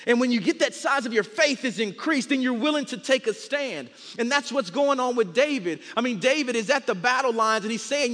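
A man's voice: very high voice, brisk, hardly any pauses, fairly bright tone. A man preaching a sermon as a guest pastor, speaking emphatically and stretching words out to drive his point home. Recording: long hall reverb.

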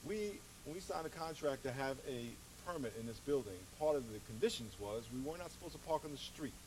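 Pastor guy preaching, high voice, kinda far off the mic with faint hiss. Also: brisk. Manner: animated, acts out voices, calls for congregation responses. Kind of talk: sermon. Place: church hall.

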